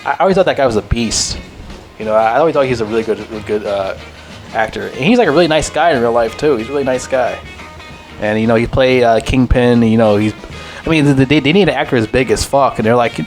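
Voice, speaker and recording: A man giving a casual, unscripted movie review, rambling and excitable, swearing freely and leaning on filler words. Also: medium pitch, quick pace, faint music behind.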